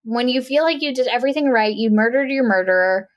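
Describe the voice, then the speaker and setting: A woman's voice: on the high side, fast. A woman co-hosting a podcast, recapping a movie in casual chat and acting out characters' lines in playful voices. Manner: animated storytelling, acts out quotes in playful voices. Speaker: podcast co-host.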